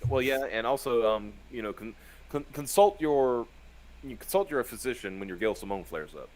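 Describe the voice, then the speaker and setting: A man's voice: mid-range voice, expressive, normal speed, background noise. A man co-hosting a casual live show, reading viewer comments aloud and laughing often between fillers. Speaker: podcast co-host.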